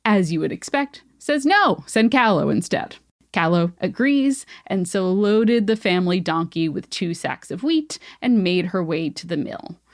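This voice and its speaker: A woman's voice: on the low side, no room sound, clean studio sound. A woman podcast host retelling a folktale in playful, joking casual chat.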